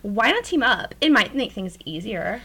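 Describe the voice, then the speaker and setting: A woman's voice: on the high side, very animated, moderate pace, pushed and bright, breathy edge, full character voice. A woman doing a sarcastic, wisecracking sidekick. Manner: teasing, sarcastic quips. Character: wisecracking hero companion, sarcastic.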